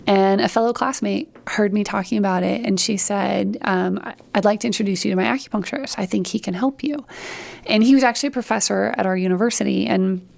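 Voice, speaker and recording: A woman's voice: mid-range voice, a little fast, creaky. A woman, a podcast guest, telling personal stories in a casual interview and acting out the dialogue. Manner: lively storytelling, acts out quoted dialogue.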